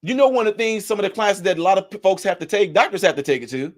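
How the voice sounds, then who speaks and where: Brief: high-pitched male vlogger, heated ranting commentary, preachy. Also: racing. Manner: heated, preachy, rising to shouts.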